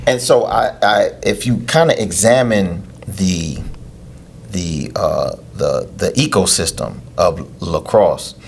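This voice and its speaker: A man, a youth lacrosse coach, explaining things in a casual interview with drawn-out hesitations. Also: low-pitched, gravelly, slight background noise. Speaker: head coach of a youth lacrosse team, podcast guest.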